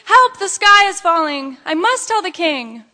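A woman's voice: high voice, normal speed, a bit bright. A woman voicing a panicky little hen who shrieks in frantic alarm, heard with long hall reverb. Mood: panicked.

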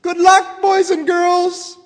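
A man voicing a short, old, mossy male forest creature who speaks in a sharp, bossy shout while reading a storybook aloud. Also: very high-pitched, huge pitch swings, drawn-out words, long reverb tail, voice pushed up, heavily acted. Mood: scolding.

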